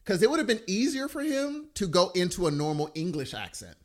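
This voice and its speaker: A man co-hosting a podcast in casual chat, enthusiastic and animated, often trailing off mid-sentence. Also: high-pitched, fairly quick. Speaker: podcast co-host.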